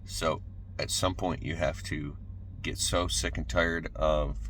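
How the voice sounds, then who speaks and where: A man's voice: a bass voice, steady tone, slow pace, a bit bright, a little hiss or hum. A man giving an emphatic motivational monologue, blunt and casual, swearing now and then. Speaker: motivational speaker.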